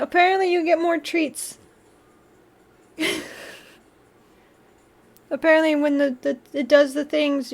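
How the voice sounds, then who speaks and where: A woman's voice: high-pitched, creaky, a little mellow. A woman streamer chatting casually on a live stream, bubbly, often gasping and laughing as she thanks her viewers.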